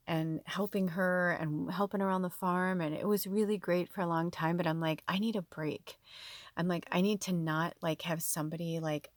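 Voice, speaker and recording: Speaking to camera in a dry recording, a woman who works as a tarot reader and spiritual medium shares a personal story with her viewers. Her voice sits on the low side, and her casual telling is emotional and full of quoted dialogue.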